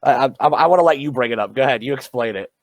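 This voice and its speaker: A man's voice: mid-range voice, rapid-fire, slight background noise. A man hosting a casual interview, eager and stammering as he asks questions. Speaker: interviewer, podcast host.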